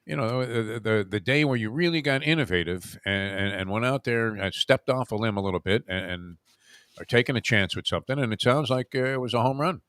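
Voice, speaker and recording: A man's voice: mid-range voice, fairly quick, fairly bright tone, no room sound, clean studio sound. A man hosting a radio talk show, bantering and teasing his guest. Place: radio studio.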